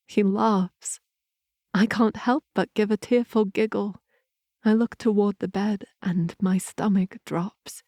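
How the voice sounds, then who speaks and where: A woman narrating a romance audiobook in the first person, in a measured, intimate storytelling manner on a close mic. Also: mid-range voice, steady tone, mellow, no echo.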